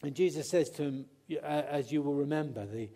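A man's voice: fairly high pitch, a little fast, dark tone. A man preaching a conversational sermon, often acting out quotes and restarting his sentences.

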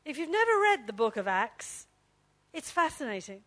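A middle-aged woman preaches with a high, bright-pitched voice. She tells personal stories in a lively, anecdotal way. She often turns to the congregation and speaks to them directly. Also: normal speed. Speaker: pastor's wife preaching.

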